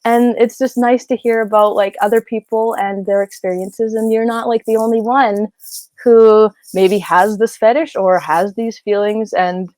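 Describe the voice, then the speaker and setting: A woman's voice: a little high, fairly even intonation, normal speed, a little mellow, no room sound. A woman voice actress chatting in an interview, giggly and rambling, wandering off on tangents from a home closet booth. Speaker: guest voice actress. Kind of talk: casual interview chat.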